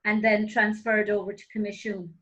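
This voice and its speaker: A woman hosting an interview, chatting casually and telling lively stories with frequent laughter. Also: medium pitch, normal speed, lo-fi sound. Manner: lively storyteller, laughs often. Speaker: host.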